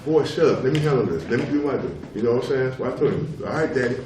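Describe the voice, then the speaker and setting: Here a middle-aged father testifies at a public tribunal in an animated, rapid-fire mid-range voice with a slight mellowness. Emphatic and repetitive, he hammers his points and repeatedly asks "you know what I'm saying." The sound is roomy and distant, recorded in a public hearing hall with a little background noise.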